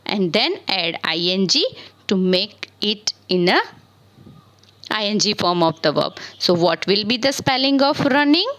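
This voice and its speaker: Slow, patient woman teaching spelling. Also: mid-range voice, lively intonation, fairly bright tone, low-quality recording. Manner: spells words letter by letter, asks and answers own questions. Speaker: English teacher. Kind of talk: slow spelling lesson on verbs.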